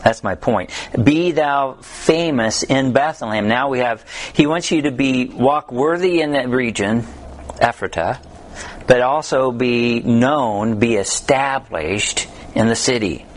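A man's voice: mid-range voice, takes it slowly. A man teaching a Bible study in a conversational way, telling humorous stories and reading scripture aloud.

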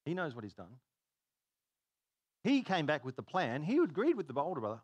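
Brief: lively male pastor, sermon delivery, pitch leaping up and down, dry close sound. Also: fairly quick, breathy edge, dry recording. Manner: animated storytelling, laughs at own jokes.

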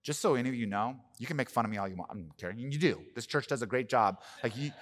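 A man preaching as pastor of his church, telling stories in a conversational way that breaks into loud, animated bursts. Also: mid-range voice, fast. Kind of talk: sermon. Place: church sanctuary. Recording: long hall reverb.

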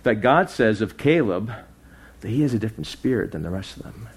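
A man preaching a sermon, with lively swings in pitch and loudness, dropping low and soft for emphasis. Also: fairly quick, breathy edge. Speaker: pastor.

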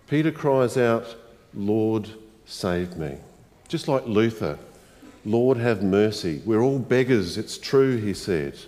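A man preaching a sermon as the pastor of a church congregation, in a slow, reflective way, often asking the listeners questions. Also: medium pitch, darkish tone. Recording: long reverb of a church hall.

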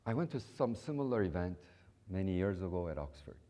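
Animated preaching man, lively low voice. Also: a little fast. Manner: animated, preaching with sudden loud rises and soft low passages; acts out prayers and voices in dialogue. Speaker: pastor. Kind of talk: sermon.

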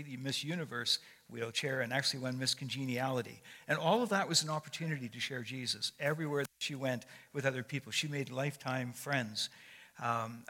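Older man preaching in an echoing hall. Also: medium pitch. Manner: warm, conversational storytelling with frequent fillers. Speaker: guest speaker. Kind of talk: sermon. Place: church sanctuary. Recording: long echo of a large hall.

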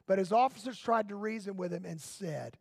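A man preaching a sermon in church, impassioned, firing off repeated rhetorical questions and rising to shouts. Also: high voice, brisk, vocal fry, husky, no room sound, clean studio sound.

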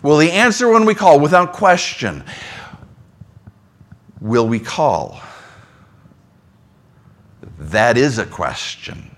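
A man preaching a sermon in a conversational way, dropping into soft low asides between emphatic lines. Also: lively intonation, slow pace, pauses often. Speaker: pastor.

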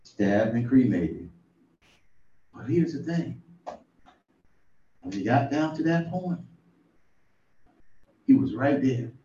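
A man's voice: medium pitch, lively intonation, takes it slowly, long pauses, dark tone, slight background noise. Folksy preacher man with a distant, echoey sound. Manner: folksy storytelling, rising to exclamations. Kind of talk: informal sermon. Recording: distant, echoey, muffled room recording.

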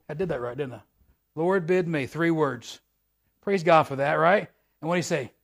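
Folksy male preacher, slightly high voice. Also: normal speed, gravelly. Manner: folksy and repetitive, swelling louder at high points. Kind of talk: sermon.

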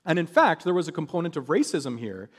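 A man delivers a sermon in a fairly high voice that swoops up and down as he tells the story. He acts out the people he describes, switching into their voices. His words ring with the long reverb of a big hall. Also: brisk. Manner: animated storytelling, acting out quoted voices. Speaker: preacher.

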